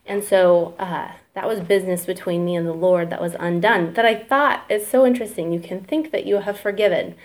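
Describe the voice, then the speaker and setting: A woman's voice: on the low side, fairly quick, hardly any pauses. Chatty, emotional woman giving a church testimony. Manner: candid, chatty, emotional, fillers and asides. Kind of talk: personal testimony talk.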